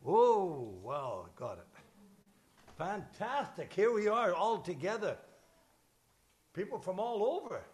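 A man leading a church service as pastor, emotional and chatty, fumbling with his notes and screen between warm asides. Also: high-pitched, very animated, takes it slowly, pauses often. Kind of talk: sermon with casual asides. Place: church service shared over video call.

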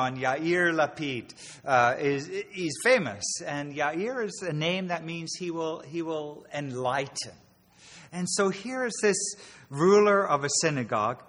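Slow, bright-voiced male preacher in a hall. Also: on the high side. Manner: earnest, explanatory, with many pauses and restarts. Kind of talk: sermon. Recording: reverberant hall.

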